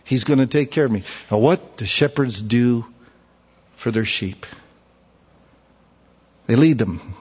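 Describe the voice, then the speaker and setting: A man preaching a sermon, telling folksy stories and switching between quiet asides and loud, emphatic points. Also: mid-range voice, slow, long pauses, breathy edge, long reverb tail, dull audio. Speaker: pastor.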